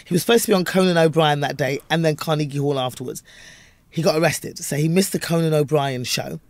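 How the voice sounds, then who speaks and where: Brief: London woman, Cockney accent, comedian guest, lively storyteller, dry studio sound. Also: deep voice, quick pace, no echo. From London, England. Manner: animated storyteller, acts out voices. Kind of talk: interview chat.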